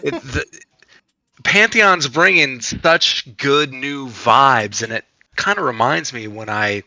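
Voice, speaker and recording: Podcast guest guy, really bright sharp voice, sarcastic but gushing, dry mic. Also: medium pitch, expressive, takes it slowly, no room sound, rough recording. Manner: sarcastic, spins long enthusiastic stories. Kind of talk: casual chat.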